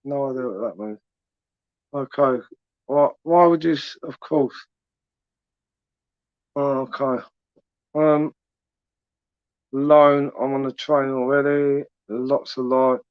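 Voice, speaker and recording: A young man from southern England hosts a late-night livestream, chatting casually and teasingly while reading viewers' comments. His mid-range voice is clear and resonant, fairly even in intonation, slow with long pauses. The recording is dry, dull, and lo-fi.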